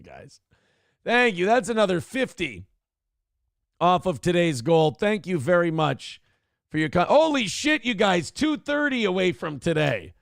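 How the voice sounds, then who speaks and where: A man's voice: fairly high pitch, gravelly. A man hosting a casual livestream morning talk show, rambling, profane and opinionated as he reads out donations and riffs.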